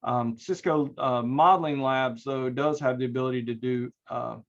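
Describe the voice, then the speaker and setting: A man's voice: mid-range voice, fairly even intonation, normal speed, dull audio. A man teaching a recorded online networking class, talking casually with many fillers and restarts. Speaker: networking instructor. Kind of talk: recorded online class lecture with screen share.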